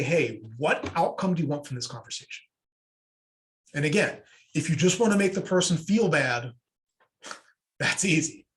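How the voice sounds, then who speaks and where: A man presenting an online workshop in a relaxed, conversational way, answering questions from the chat and acting out short sample dialogues. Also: fairly high pitch. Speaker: webinar presenter. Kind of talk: casual online workshop talk.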